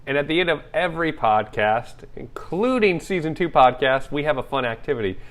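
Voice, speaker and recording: A young man co-hosting a casual podcast chat, teasing in a dry, low-key way. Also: lively intonation, fairly quick, a bit bright. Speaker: podcast co-host.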